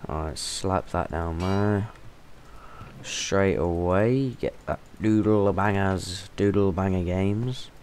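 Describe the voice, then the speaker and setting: A man giving chatty, excitable gameplay commentary on his channel, breaking into sudden exclamations, recorded on a stand-in mic. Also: deep voice, takes it slowly, a little hiss or hum. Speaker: gaming channel host. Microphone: temporary stand-in mic.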